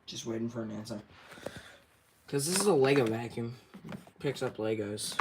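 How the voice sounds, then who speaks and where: A man's voice: medium pitch, normal speed, noisy background. A young man vlogging casually at home, rambling and getting worked up as he complains. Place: bedroom at home.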